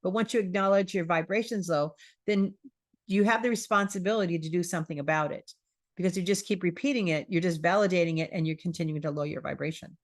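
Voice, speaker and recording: A woman's voice: fairly low pitch, fast. A woman hosting a spiritual wellness talk, chatting casually, repeating phrases and acting out quoted self-talk.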